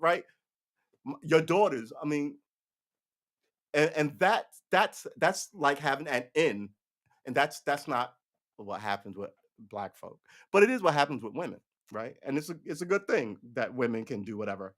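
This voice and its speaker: A man's voice: on the high side, expressive, moderate pace, fairly bright tone. Profane rambling male live-streamer. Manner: rambling, profane, mocks others with put-on voices. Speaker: live-stream political commentator. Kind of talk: casual opinionated monologue.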